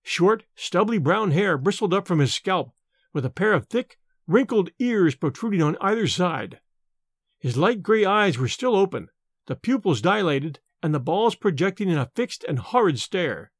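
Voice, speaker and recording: Male narrator with a high, animated voice; vivid reading, dry recording. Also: normal speed, no room sound. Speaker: audiobook narrator. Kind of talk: scripted narration.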